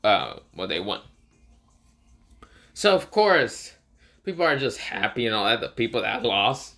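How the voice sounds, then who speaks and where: A man's voice: fairly low pitch, very animated, unhurried, gravelly, bright, forceful tone. A man casually retelling a fan story, rambling with many fillers and self-corrections.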